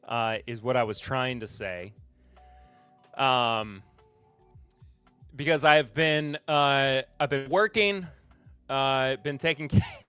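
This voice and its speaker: A man's voice: a little high, bright, forceful tone, clean tone, no echo. A man in his thirties from the Southern United States, hosting a casual livestream podcast and rambling with lots of fillers and restarts. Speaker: podcast host.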